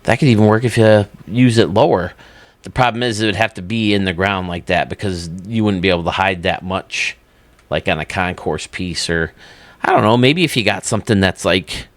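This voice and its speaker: A man's voice: fairly low pitch, no room sound. A man hosting his own channel, chatting casually and enthusiastically while touring video game stadiums, often laughing at himself. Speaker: YouTube host.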